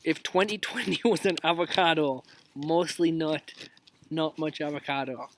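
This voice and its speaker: A man's voice: on the high side, normal speed, a bit bright, slight background noise. A man in his thirties hosting a casual live stream, joking his way through memes outdoors and dropping into whispers for asides.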